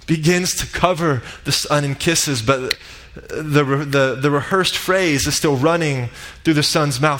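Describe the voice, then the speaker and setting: A man's voice: a little high, measured pace, few pauses. Man preaching a dramatic sermon story. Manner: dramatic retelling, rising to shouts in quoted lines. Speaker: pastor. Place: church sanctuary.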